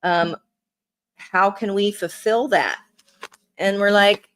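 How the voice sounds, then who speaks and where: A woman reads tarot cards live for her viewers, and she talks at an unhurried pace. Her delivery is chatty and encouraging, full of small fillers as she works through each card. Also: mid-range voice, lively intonation, fairly bright tone. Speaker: tarot reader.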